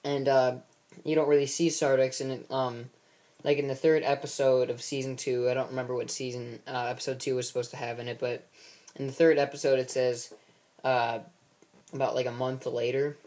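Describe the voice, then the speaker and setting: A man's voice: medium pitch, level tone, normal speed, darkish tone. A man casually recapping the plot of his own film series, rambling with many fillers and restarts.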